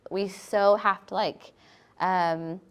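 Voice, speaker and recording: A woman's voice: medium pitch, fairly even intonation, clean tone. A woman on a ministry panel, a wife and mother, sharing a Bible verse in a chatty way with many "like" fillers. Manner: warm, chatty, many "like" fillers, quick little laughs. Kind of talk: personal devotional sharing on a panel.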